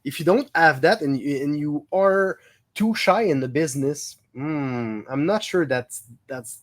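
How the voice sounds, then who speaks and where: A man's voice: fairly high pitch, lively intonation, a little slow. A man interviewing a guest, mostly listening and adding short replies, with slight phrasing. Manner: supportive listener with short backchannels. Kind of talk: casual interview chat.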